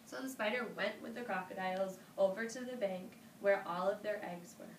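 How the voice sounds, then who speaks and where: A woman telling a folk tale to children, animated and inviting her listeners to join in. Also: medium pitch, brisk. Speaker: storyteller. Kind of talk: interactive storytelling for children. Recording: roomy, distant mic with ambient noise.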